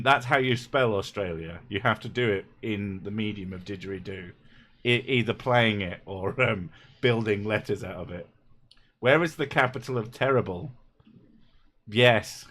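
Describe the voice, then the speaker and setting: A man's voice: lowish voice, fairly bright tone. A man hosting a casual comedic livestream, cracking jokes and swearing freely. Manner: joking, swears freely, quick asides. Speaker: streamer host.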